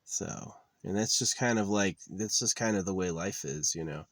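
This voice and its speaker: A young man with a very low, deep voice rambles through a personal monologue, halting and restarting, blunt and bitter, close to tears. The sound is dry and close, with no room around it. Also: dry recording. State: tearful.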